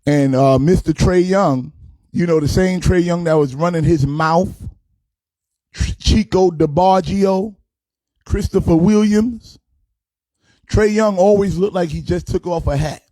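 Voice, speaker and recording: A man's voice: sits high, a little slow, dark tone, no room sound. A man delivering a comic, sermon-style sports rant as a pastor, boastful and playful, with sing-song cadences.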